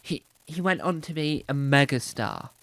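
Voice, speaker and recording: A speaker who talks in a rambling casual commentary with many restarts and bursts of loud emphasis. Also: medium pitch, expressive, normal speed, creaky, no room sound. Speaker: vlogger.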